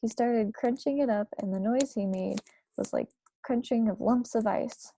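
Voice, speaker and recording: A woman reading a children's novel aloud to a book club in steady storytelling narration. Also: a little high, normal speed, a little hiss or hum.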